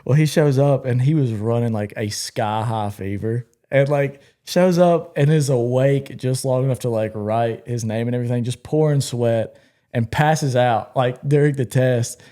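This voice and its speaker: A man with a mid-pitched, ordinary voice chatting on a podcast. He tells stories loosely, with lots of fillers and restarts along the way. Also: normal speed, warm tone. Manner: storytelling, chatty. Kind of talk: casual podcast chat.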